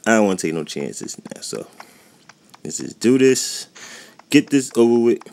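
A man's voice: fairly low pitch, very animated, normal speed, gravelly, a little mellow. A man giving rambling, chatty gameplay commentary who often loses his train of thought, recorded indoors at home. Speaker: gaming YouTuber. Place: warm indoor room at home.

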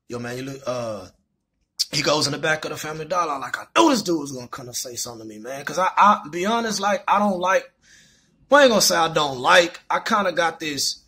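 A man's voice: a little high, bright, forceful tone, breathy edge. A young man telling a personal story in a candid, rambling way, full of fillers. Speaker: vlogger.

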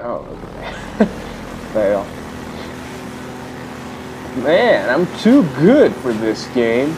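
A man's voice: medium pitch, very animated, very slow, pauses often. Goofy young man narrating gameplay. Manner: goofy, boastful, whoops and cheers. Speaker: gamer. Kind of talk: let's play commentary. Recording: game sounds and engine noise behind.

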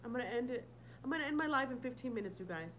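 A woman's voice: fairly high pitch, expressive, rapid-fire, fairly bright tone, slight background noise, rough recording. A woman hosting a casual livestream, talking bluntly with lots of swearing and laughter while answering viewer comments. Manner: blunt, profane, laughing often. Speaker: livestream host.

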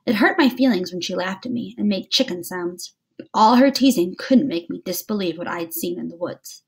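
Breathy woman reading a novel aloud. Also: mid-range voice, animated, normal speed.

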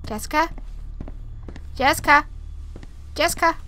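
High-voiced jittery young woman gamer. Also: unhurried, bright, forceful tone. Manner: frightened, rambling, repeats herself, talks to viewers. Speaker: gaming video creator. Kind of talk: live horror game commentary. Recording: noisy background.

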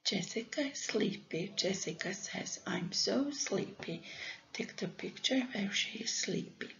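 A woman's voice: mid-range voice, animated, measured pace, gravelly, fairly bright tone. A woman teaching an English lesson, giving patient step-by-step instructions. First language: Croatian. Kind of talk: recorded lesson narration. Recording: dull lo-fi recording, faint room hum.

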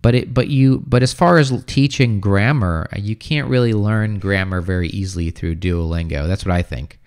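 A young American man hosting a casual livestream, reading viewer comments aloud and answering them in a relaxed way, with lots of fillers and restarts. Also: lowish voice, moderate pace, clean tone. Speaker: livestream host, English teacher.

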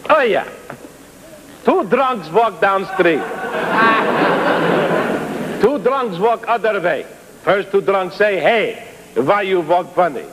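A hustling Hungarian kids' show host who plugs wine between bits, as a man puts him on. He mutters in broken English, slow and sing-song with wide pitch swings. It all sits in a noisy old TV broadcast. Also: lively intonation. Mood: jolly. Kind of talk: 1950s live TV sketch comedy.

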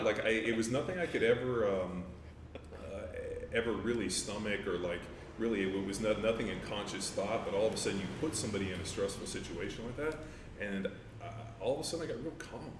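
A man's voice: on the low side, a little fast, a crowd in the background. A man, a former pro lineman, telling stories in a casual interview, laid-back and rambling with lots of fillers and swearing. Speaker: guest, former NFL offensive lineman. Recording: roomy, distant mic with faint ambience.

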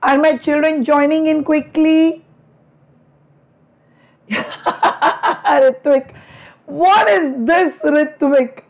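Chatty, high-voiced Indian woman teacher. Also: steady tone, slow pace, creaky, hardly any pauses. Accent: Indian English. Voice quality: strained throat from many lectures. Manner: chatty, affectionate, teasing with students. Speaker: online biology teacher. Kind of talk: live online class, greeting students.

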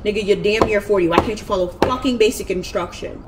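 A woman's voice: medium pitch, quick pace, few pauses, noisy background. A woman vlogging a story from home, ranting in a heated, profane way. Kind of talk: storytime vlog. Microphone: camera.

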